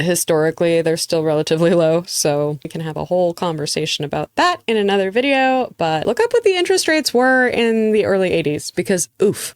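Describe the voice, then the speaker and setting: Chatty woman with a low smooth voice. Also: no room sound. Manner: chatty, playful, dry humor. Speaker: real estate agent. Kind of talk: casual vlog to camera. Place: small office indoors.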